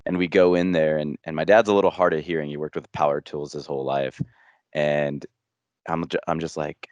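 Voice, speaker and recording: A man hosting a casual chat who describes himself as loud and tells stories in an animated way. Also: a bass voice, fairly quick, dry recording. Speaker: podcast host.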